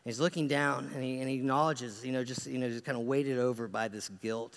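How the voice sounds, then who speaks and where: A man's voice: mid-range voice, fairly even intonation, quick pace, hardly any pauses. A man preaching a sermon as a pastor, telling stories in an earnest, conversational way with frequent restarts, recorded in a church. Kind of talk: sermon storytelling. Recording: long reverb of a large hall.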